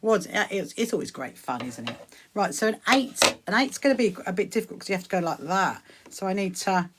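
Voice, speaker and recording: A woman's voice: medium pitch, animated, brisk, slight background noise. A woman hosting a casual sewing livestream from her home sewing room. She chats in an upbeat way, greets viewers by name and laughs often. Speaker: livestream host. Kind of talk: casual live-stream chat while sewing.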